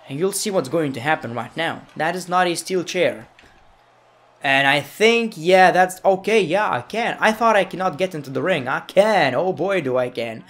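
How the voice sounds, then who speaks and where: Goofy high-voiced young gaming commentator. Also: male voice, animated, normal speed, a bit bright. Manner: goofy, playful, mock-angry outbursts. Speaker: gaming YouTuber. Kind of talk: gameplay commentary.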